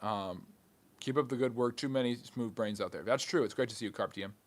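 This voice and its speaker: A man hosting a live history stream, reading chat questions aloud and answering with quick, dry jokes. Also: mid-range voice.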